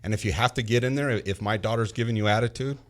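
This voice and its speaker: A middle-aged man in casual podcast chat, an animated storyteller who often repeats words as he starts a sentence. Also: lowish voice, quick pace. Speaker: podcast guest.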